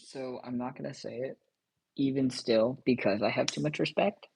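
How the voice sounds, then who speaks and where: A woman's voice: very deep voice, normal speed, gravelly, darkish tone, slight background noise, low-quality recording. A woman streamer chatting casually on a live stream, rambling and repeating herself as she talks straight to her viewers.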